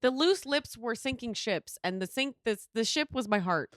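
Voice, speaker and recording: Bright-voiced young woman co-hosting a podcast. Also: fairly high pitch, moderate pace, no room sound, clean studio sound. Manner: animated storytelling, acts out quoted voices, swears freely. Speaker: podcast co-host. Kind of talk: casual chat.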